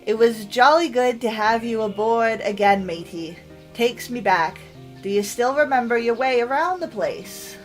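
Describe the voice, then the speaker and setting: A woman voicing a jolly old male ship skipper, booming and attempting a rough sailor accent. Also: sing-song, takes it slowly, darkish tone, soft background music, exaggerated voice. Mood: hearty.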